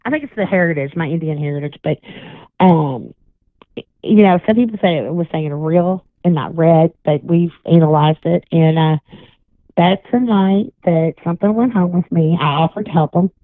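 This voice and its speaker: A woman's voice: on the low side, moderate pace, no room sound. A woman guest on a radio call-in show, telling a long rambling story full of restarts. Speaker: guest psychic and paranormal investigator. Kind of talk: casual radio chat. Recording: tinny phone line, dry.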